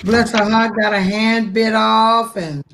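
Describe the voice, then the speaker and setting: An American woman co-hosting a casual chat, lively and slangy, reacting and telling stories. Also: a little high, slow, noisy background. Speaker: co-host.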